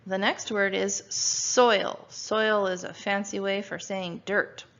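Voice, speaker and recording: A woman teacher walks young children through a phonics spelling lesson and sounds out each letter with patience. Her voice has a gravelly edge and she speaks at an unhurried pace. The recording is dull and lo-fi. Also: medium pitch, flat delivery, a bit bright. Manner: sounds out letters slowly and patiently, asks questions. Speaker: first grade teacher.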